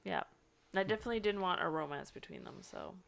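Gravelly chatty woman. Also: lowish voice, animated, fast talker, a bit bright. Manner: chatty, gushing about actors. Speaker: podcast co-host. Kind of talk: casual chat.

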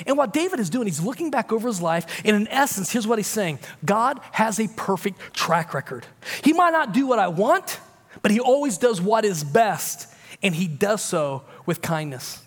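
High-voiced man preaching in a reverberant hall. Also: big pitch swings, moderate pace. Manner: emphatic preaching, shifting to casual, confiding talk. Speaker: pastor. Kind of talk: sermon.

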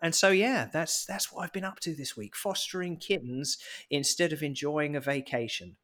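A man's voice: fairly high pitch, normal speed, a bit bright. A man talking casually as a podcast co-host. He tells stories in a chatty, joking way and pokes fun at himself. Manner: chatty storyteller, jokey and self-mocking. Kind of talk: casual chat.

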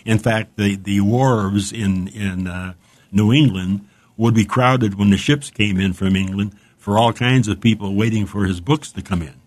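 Man, lowish voice, chatty book talk, rambling, enthusiastic. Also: unhurried. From United States. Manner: chatty, rambling, enthusiastic, reads passages aloud. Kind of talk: casual chat about books.

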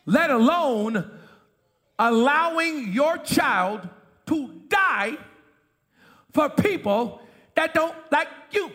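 A middle-aged male pastor preaching an impassioned sermon in a church, often shouting and calling for a witness from the congregation. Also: extremely high pitch, expressive, extremely slow, long pauses, big-room sound. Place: church sanctuary.

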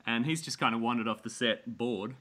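A middle-aged man, a guest telling lively anecdotes in an interview. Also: medium pitch. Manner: animated anecdote-telling with quick restarts. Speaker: guest, performer and presenter. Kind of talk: casual storytelling in an interview.

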